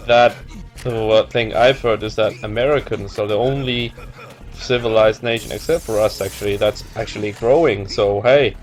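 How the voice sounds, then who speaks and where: A man's voice: on the low side, moderate pace. A man co-commentating a video game over a headset, dry and sarcastic. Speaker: let's play co-commentator. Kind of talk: casual gaming commentary.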